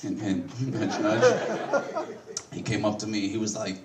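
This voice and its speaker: A man's voice: lowish voice, big pitch swings, a little slow, long pauses, a little mellow. A male comedian doing stand-up on a club stage, laid-back, wry and self-deprecating. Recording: echoey room, distant mic, hiss.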